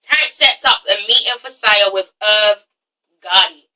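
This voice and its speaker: A young Englishwoman vlogs a blunt, sassy review of a reality show, swearing freely and adding "okay?" to the end of her points. Her voice is slightly high and sharp, at a moderate pace. The mic sounds distant and the audio is poor.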